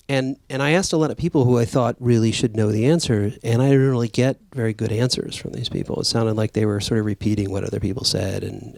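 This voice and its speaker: A man's voice: medium pitch, creaky, dry recording. A man, an author speaking conversationally to an audience, with many fillers and restarts. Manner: frequent fillers and restarts, animated when quoting. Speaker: author at a book talk.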